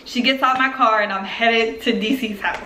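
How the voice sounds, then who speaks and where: A woman in her twenties from Philadelphia telling a personal story on her vlog in a chatty, animated way full of fillers. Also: on the high side, moderate pace, a little hiss or hum. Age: 20s. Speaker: YouTuber. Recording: roomy echo.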